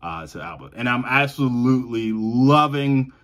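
Animated and speaking at normal speed, a Southern man with a mid-range, fairly bright voice hosts a reaction video. He chats casually and eagerly to his viewers, laughing a lot and going over the same points again.

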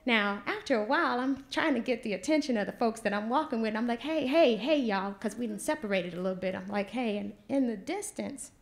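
A woman, telling a personal story on stage in an animated, vernacular way. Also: a little high, fast, hardly any pauses. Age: 40s. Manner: animated, vernacular, acts out quotes loudly. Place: stage before an audience.

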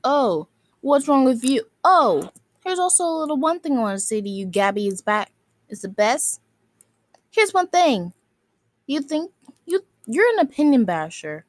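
Woman, high voice, angry rant, scolding and insulting, repetitive phrasing, dry close sound. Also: very animated, unhurried, no echo. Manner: scolding, insulting, repeats itself. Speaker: video maker.

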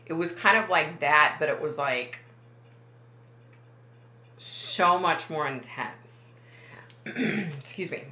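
A woman's voice: sits low, animated, slow pace, long pauses, bright, forceful tone, roomy sound. A woman working as a psychic medium, talking to camera in a casual, rambling way, often backing up and correcting herself. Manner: rambling, self-correcting, many fillers.

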